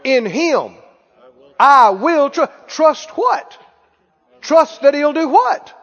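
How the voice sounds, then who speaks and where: A man preaching a sermon, leading his congregation in call-and-response and rising to shouts. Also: very high-pitched, sing-song, extremely slow. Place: church. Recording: dull recording in a reverberant hall.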